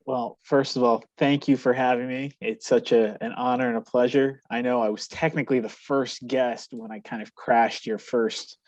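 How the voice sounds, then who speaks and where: A man's voice: mid-range voice, steady tone, normal speed, hardly any pauses, a little mellow, no room sound, highs cut off. A man appearing as a podcast guest, chatting casually in a playful, self-mocking way. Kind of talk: casual chat.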